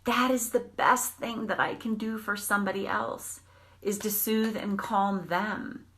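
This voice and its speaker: A woman's voice: mid-range voice, unhurried. A middle-aged woman hosting a live video on tapping, talking candidly and casually, restarting her sentences and swearing mildly as she goes. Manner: candid and animated, with frequent restarts and mild swearing. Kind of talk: casual live-stream talk.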